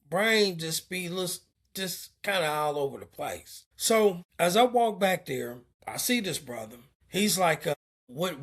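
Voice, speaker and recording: A truck driver from Indianapolis telling a story in a casual vlog, stammering and repeating words, swearing freely, animated as the story goes on. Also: mid-range voice. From Indianapolis, USA.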